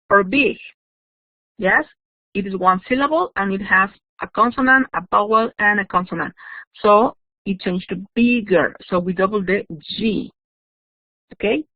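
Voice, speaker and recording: A woman's voice: mid-range voice, no room sound. A woman teaching English grammar in an online class, explaining patiently and checking in with "yes?". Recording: dry, tinny phone-like audio.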